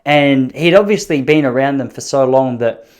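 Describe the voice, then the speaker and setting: His voice sits in the mid-range and moves at a moderate pace. He's a thirtysomething Australian podcast host spinning loose solo stories, poking fun at himself with an easygoing, jokey humor.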